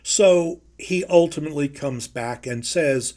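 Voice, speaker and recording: A man teaching a Bible lesson in a measured, emphatic way, slowing down to stress key phrases. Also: mid-range voice, darkish tone. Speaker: preacher.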